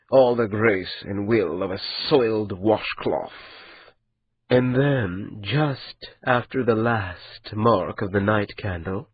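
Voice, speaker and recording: A cruel captive spirit , put on by a male narrator, drawls each word slowly and softly, calm and amused. The voice is a little husky, and the recording is dry and dull. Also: on the low side, dry recording, exaggerated voice. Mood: mocking. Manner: slow, calm, mocking drawl.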